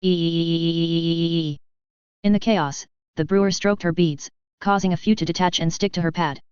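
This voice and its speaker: A woman narrating a science fiction story in a steady, even reading. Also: on the low side, fairly quick, clear, resonant tone, no room sound. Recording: slightly dull close recording.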